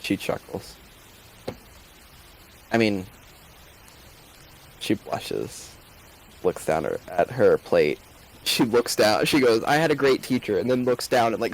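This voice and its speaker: A man's voice: lowish voice, slight background noise, low-quality recording. A man casually narrating his character's actions in a tabletop game, often correcting himself. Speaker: tabletop player.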